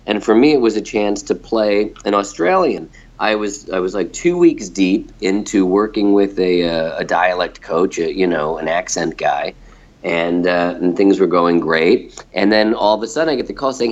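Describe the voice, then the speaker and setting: A man's voice: low voice, moderate pace, dull audio. A middle-aged man from the United States, an actor being interviewed, who talks casually and animatedly, laughs easily and often repeats his first words.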